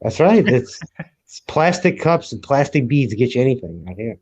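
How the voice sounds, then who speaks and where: A man's voice: mid-range voice, very animated, moderate pace, a little mellow, slightly rough, highs cut off. A man from Louisiana chatting casually as a podcast co-host, laid-back and folksy. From Louisiana, USA. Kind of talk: casual chat.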